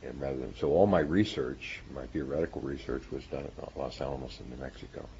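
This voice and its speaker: A man's voice: very deep voice, fairly quick, gravelly, lo-fi sound, a little hiss or hum. An older man who is a physicist, telling stories from his graduate school years and chuckling at times. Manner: warm storytelling with chuckles. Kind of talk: reminiscing interview.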